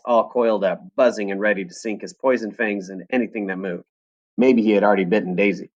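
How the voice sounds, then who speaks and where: A man's voice: on the low side, muffled recording. A man reading a first-person novel aloud to a class in a classroom, telling the story expressively. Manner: expressive storytelling with lively voices.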